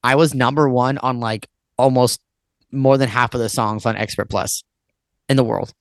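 A man's voice: medium pitch, fairly even intonation, normal speed, no room sound. Guy in his 30s, music guest rambling on, swears a ton, says like constantly, dry close sound. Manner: rambling, swears often, fills with "like". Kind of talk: casual podcast chat.

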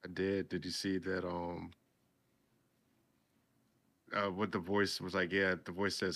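Deep, bright-edged young man, hesitant recap. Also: little pitch movement, a little slow, long pauses. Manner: hesitant, filler-heavy summary. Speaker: podcast co-host. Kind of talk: casual chat recapping an anime episode.

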